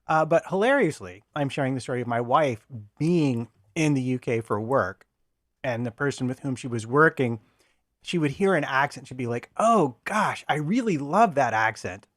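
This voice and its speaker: A man's voice: mid-range voice, moderate pace, a bit bright, dry recording, clean studio sound. An American man co-hosting a casual chat over a video call, telling stories wryly. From United States.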